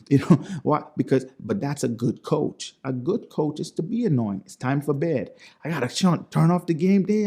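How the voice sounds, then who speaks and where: A man's voice: on the high side, expressive, normal speed, warm tone, husky. An American man hosting a solo podcast, talking earnestly about parenting and circling back over his points. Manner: earnest, repetitive, lecturing. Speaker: podcast host.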